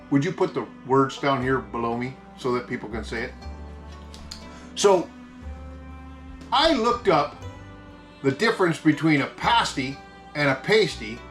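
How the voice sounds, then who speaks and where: A man's voice: on the high side, fairly bright tone. A man with an Upper Michigan Yooper accent, hosting a jokey mock food-review show in a folksy, hammy way. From Upper Peninsula of Michigan. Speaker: comedy vlog host.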